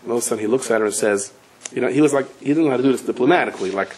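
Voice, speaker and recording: Rabbi spinning a story, acts out all the voices, mixed in. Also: male voice, mid-range voice, rapid-fire, rough recording. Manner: animated storyteller, acts out quoted voices, cries out at climaxes. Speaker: rabbi giving a Torah class. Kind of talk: storytelling lecture.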